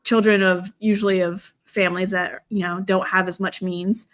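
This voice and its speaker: A woman's voice: mid-range voice, little pitch movement, normal speed, a bit bright. A middle-aged woman from the US, a guest in a casual chat, talking in a rambling, hesitant way with many fillers.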